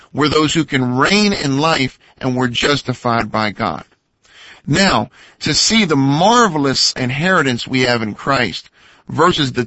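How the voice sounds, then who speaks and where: A man co-hosting a radio teaching program, explaining points in an earnest, measured way, heard on a slightly dull lo-fi recording. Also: on the high side, pushed and bright, no room sound. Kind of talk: scripted teaching talk.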